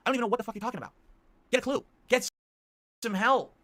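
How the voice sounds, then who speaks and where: A man's voice: very high-pitched, animated, very fast, fairly bright tone. A man talking casually on a gaming stream, complaining and getting defensive.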